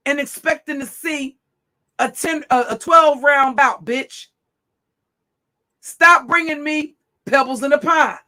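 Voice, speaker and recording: A woman's voice: sits high, pushed and bright. A woman hosting a livestream, delivering a confrontational, profane, taunting rant at her chat. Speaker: livestream host. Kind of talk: ranting livestream monologue.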